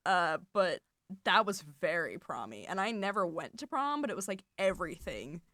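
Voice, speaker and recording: A woman's voice: lowish voice, very animated, normal speed, a bit bright, no echo, clean studio sound. A young woman co-hosting a college radio show, chatting casually and giggling, with lots of "like". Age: young adult. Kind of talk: casual chat. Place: studio.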